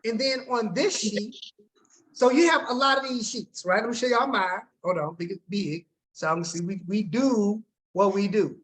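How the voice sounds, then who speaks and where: A man's voice: high-pitched, normal speed, a bit bright. A man coaching his team on a group video call, upbeat and slangy, talking straight to the group and checking in with them often.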